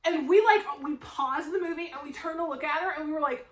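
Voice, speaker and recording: A woman book vlogger chatting casually, rambling into animated stories and laughing often. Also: high voice, fairly quick, few pauses, echoey room, slight background noise, low-quality recording. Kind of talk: casual chat.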